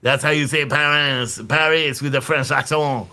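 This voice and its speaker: A man's voice: fairly high pitch, steady tone, normal speed, pushed and bright. A man hosting a casual live stream, thinking aloud and rambling, restarting his sentences and cracking jokes as he goes. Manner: jokey, laughs at his own jokes. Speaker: livestream host.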